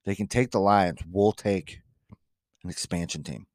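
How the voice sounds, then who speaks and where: A man co-hosting a casual sports podcast, ranting with animated outbursts. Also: low-pitched, a little slow, no echo, clean studio sound. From Detroit area. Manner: animated, ranting, bursts into shouting. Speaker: podcast co-host.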